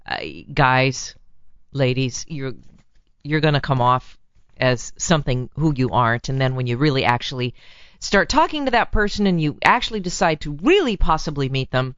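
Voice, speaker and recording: A woman's voice: rumbling low, expressive, moderate pace, clear, resonant tone, no echo, lo-fi sound. A woman hosting a relationship advice show, talking frankly and laughing easily as she reads a listener's letter.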